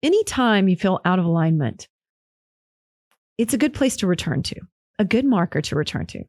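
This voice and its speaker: A woman's voice: lowish voice, lively intonation, moderate pace, darkish tone, no room sound, studio quality. A woman hosting a podcast, telling a personal story in a candid, emotional, rambling way with many restarts. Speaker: podcast host.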